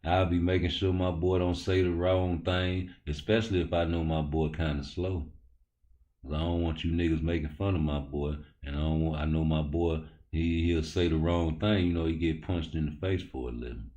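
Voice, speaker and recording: A man's voice: low voice, fairly even intonation, normal speed, warm tone, highs cut off. A man hosting a boxing talk show, talking loosely with lots of cursing and joking.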